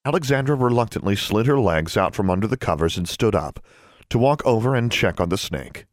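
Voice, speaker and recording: Male audiobook narrator, low register, animated delivery, dry booth sound. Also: brisk, dry recording. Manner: expressive storytelling. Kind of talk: scripted narration.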